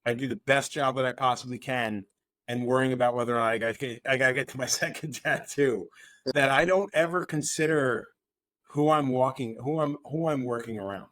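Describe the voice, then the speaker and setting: A man who is a tattoo artist, telling excited, profane stories in a casual conversation over a remote call. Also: mid-range voice, brisk, dry recording. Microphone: remote call mic.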